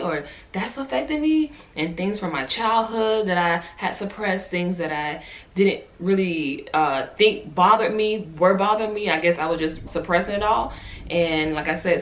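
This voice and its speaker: A young woman vlogger telling a personal faith testimony, animated and emotional, talking straight to her viewers. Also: fairly low pitch. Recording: echoey room.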